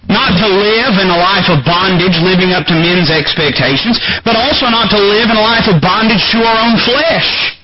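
A man preaching a sermon as pastor, emphatic and climbing higher in pitch to drive points home. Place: church sanctuary. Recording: muffled lo-fi church recording with congregation.

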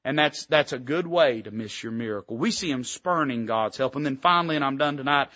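A man's voice: mid-range voice, animated, fairly quick, sharp tone, no echo, highs cut off. A man preaching a sermon as pastor, folksy and emphatic, throwing out rhetorical questions to the congregation. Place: church sanctuary.

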